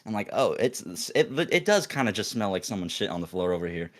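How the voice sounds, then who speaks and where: Rambling young man with a low voice. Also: fast. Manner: animated, rambling, frequent restarts and acted-out quotes. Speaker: podcast co-host. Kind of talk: casual storytelling chat.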